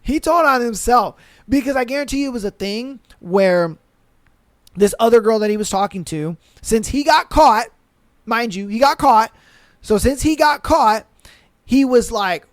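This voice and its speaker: A man with a high voice hosts a podcast, reading listener stories aloud and breaking off to riff on them in lively slang. He talks into a close, dry mic with no room sound. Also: normal speed, no echo. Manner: animated, slangy, acts out quotes in voices. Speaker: podcast host.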